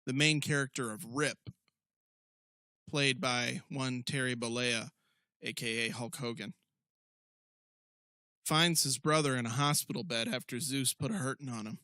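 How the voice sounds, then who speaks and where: A man's voice: medium pitch, steady tone, a little slow, pauses often, pushed and bright, no echo, studio quality. A man co-hosting a casual wrestling podcast, joking and laughing often. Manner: joking, playful, prone to laughing. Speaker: podcast co-host.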